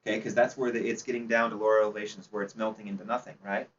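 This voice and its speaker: A man's voice: on the low side, flat delivery, rapid-fire. A man giving an informal slide presentation at a club seminar, chatty and quizzing his audience. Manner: chatty, asks the audience questions, laughs easily. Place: meeting room. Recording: distant, dull, faint background noise.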